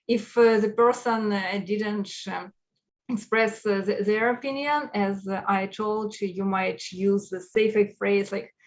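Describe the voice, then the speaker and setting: A woman's voice: mid-range voice, steady tone, moderate pace. A woman with an Eastern European accent speaking at an online conference and answering questions, with lots of fillers and restarts. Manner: many fillers and restarts, emotional. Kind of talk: online talk and Q&A. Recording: dull lo-fi video call audio.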